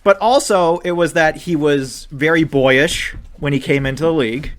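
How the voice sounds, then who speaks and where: A man co-hosting a podcast, ranting about football with an animated, swearing delivery that climbs toward near-shouts when he gets upset. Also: on the high side, moderate pace. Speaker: podcast co-host. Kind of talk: ranting sports chat.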